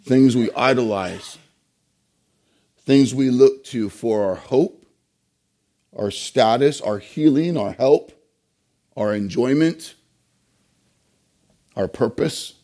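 A male pastor delivering a sermon in a mellow, darker voice. He leans on key words and poses rhetorical questions to the congregation, pausing to let them land. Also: mid-range voice. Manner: emphatic preaching with rhetorical questions and pauses.

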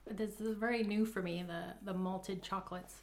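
A woman's voice: medium pitch, fairly even intonation, normal speed, a little mellow, a little hiss or hum. A woman co-hosting a podcast in casual chat, giggly and hesitant as she thinks aloud. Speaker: podcast co-host.

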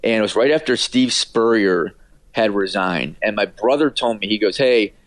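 A man's voice: on the low side, moderate pace, no echo. Chatty man telling radio anecdotes. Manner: chatty storyteller, many "like" fillers and restarts. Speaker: author and radio producer, interview guest. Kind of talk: casual anecdote-telling in an interview.

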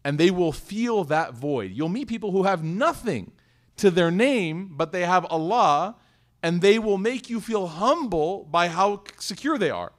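A man teaching a sermon in a conversational, animated way, telling a personal story and asking rhetorical questions. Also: high voice, measured pace. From United States. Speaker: Islamic teacher.

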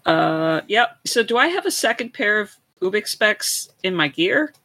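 A woman player in a tabletop roleplaying game, speaking slowly with a bright, forceful edge. She asks questions of the game master and pleads in character. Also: mid-range voice, big pitch swings.

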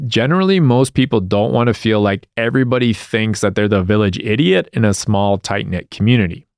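Male podcast host, low voice, gravelly, dry close sound. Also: lively intonation, fairly quick, a little mellow, no echo. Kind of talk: interview narration.

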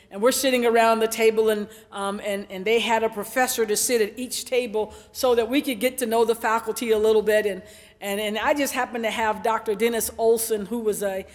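A high-voiced woman pastor delivers an animated sermon, telling her story and calling out to the congregation. Her voice rings with a long reverb from the church sanctuary.

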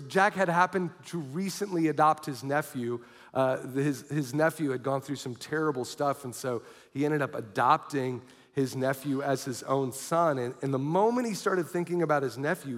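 A male pastor telling a story in a sermon, animating the quoted voices as he goes. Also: a little high. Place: church hall. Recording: long hall reverb.

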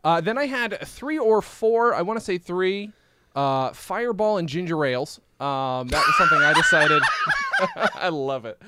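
A hungover man hosting a casual podcast over a video call, expressive and swinging between loud outbursts and low mutters. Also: normal speed, slight background noise. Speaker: podcast host and filmmaker.

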